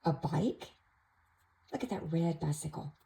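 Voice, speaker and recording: A woman gently showing an activity book to toddlers, naming pictures in a soft, sing-song way. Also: deep voice, expressive, a little slow, gravelly, a little hiss or hum, poor audio. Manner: soft, sing-song, with playful animal sounds. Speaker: toddler class teacher. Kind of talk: slow, gentle show-and-tell for toddlers.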